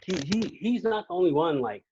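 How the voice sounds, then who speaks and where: A man's voice: high-pitched, sing-song, fairly quick, mellow, muffled recording, slight background noise. Rambling man sharing a faith story. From California. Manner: rambling, many restarts. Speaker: guest. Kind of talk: casual testimony.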